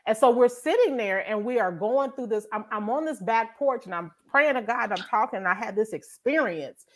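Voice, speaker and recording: A woman co-hosting a podcast, telling a faith testimony in a casual, animated way and acting out her own prayers as she goes. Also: a little high, moderate pace. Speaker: podcast co-host.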